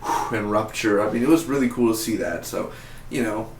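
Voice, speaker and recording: A man's voice: lowish voice, background noise. Rambling man reviewing an episode, roomy echo. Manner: rambling, filler-heavy, acts out scenes in quick impressions. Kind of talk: casual unscripted review. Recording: roomy, distant-sounding home recording with faint background ambience.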